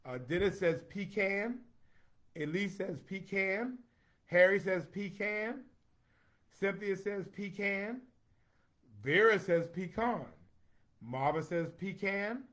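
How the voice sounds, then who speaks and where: A man's voice: sits high, slow, pauses often, a bit bright. A man hosting a casual livestream, chatty and playful as he reads out viewers' comments. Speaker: host reading viewer comments.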